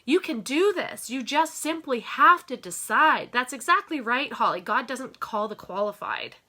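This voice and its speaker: A woman's voice: high voice, expressive, a little slow, pushed and bright. A woman business owner giving an emphatic motivational talk, repeating phrases for effect and calling her listeners "you guys". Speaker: network marketing business owner.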